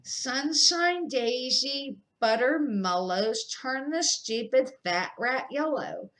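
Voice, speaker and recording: An easygoing eleven-year-old wizard boy chatters on about sweets and spells, as a grandmother reads his lines aloud. The voice stays close to her own, casual and unhurried. It is a home storybook reading. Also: high-pitched, animated, a bit bright, voice pushed up, exaggerated voice. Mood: mock solemn.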